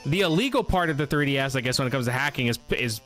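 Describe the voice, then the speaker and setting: A young man chats casually while streaming a game, rambling through a profane story at an ordinary pitch. Soft game music plays faintly behind him. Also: lively intonation, quick pace. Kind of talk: casual live-stream chat over gameplay.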